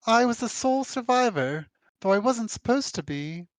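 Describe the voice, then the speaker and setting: A man voicing a ruthless, cheerful woman warrior in a bright, gleeful sing-song. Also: very high-pitched, lively intonation, normal speed, dry recording, voice pushed up.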